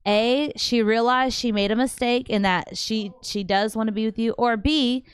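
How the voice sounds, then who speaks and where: Brief: woman host, smooth clear voice, dry close sound, animated and slangy. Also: a little high, moderate pace, no room sound. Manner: chatty, animated, slangy, trails off and restarts. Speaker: livestream host answering viewer questions. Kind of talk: casual live chat. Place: home.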